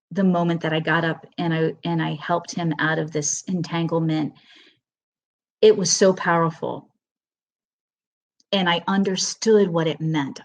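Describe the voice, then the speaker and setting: A middle-aged woman teaching horsemanship, telling a personal story in a webinar with earnest emotion and halting restarts. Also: lowish voice.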